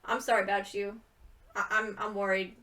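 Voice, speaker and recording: A woman's voice: mid-range voice, level tone, moderate pace, bright, forceful tone, distant mic. A young woman chatting casually and rambling with giggles, tired from too little sleep. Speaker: gaming video creator. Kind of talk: casual chat over gameplay.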